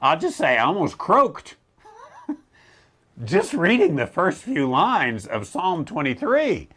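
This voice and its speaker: A man hosting a Bible question show, talking in a blunt, wry way, with quick self-mocking laughs and mocking asides. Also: on the high side, huge pitch swings, sharp tone, breathy edge. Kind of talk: casual teaching talk.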